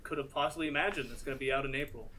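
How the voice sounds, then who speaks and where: A young man co-hosting a casual podcast, telling stories in an easygoing, animated way. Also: medium pitch, racing, over a noisy crowd, rough recording. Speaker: podcast co-host. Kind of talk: casual chat.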